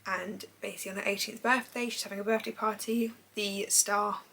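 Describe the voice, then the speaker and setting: A woman's voice: medium pitch, level tone, brisk, pushed and bright, poor audio. A young woman, chatting casually about books she has read, rambling and gushing. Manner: chatty and rambling, full of fillers like "basically"; gushing and enthusiastic. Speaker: book vlogger. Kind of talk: casual book review chat.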